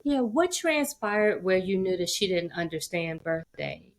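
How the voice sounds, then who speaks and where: A woman's voice: medium pitch, very animated, unhurried. Woman host asking curious questions. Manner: brief encouraging responses, curious questions. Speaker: podcast host. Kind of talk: interview questions.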